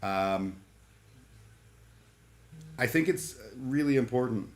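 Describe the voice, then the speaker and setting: A man's voice: medium pitch, lively intonation, takes it slowly, a little mellow. A man chatting casually on a live stream, rambling and irreverent, full of fillers and restarts. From Canada. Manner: irreverent, joking.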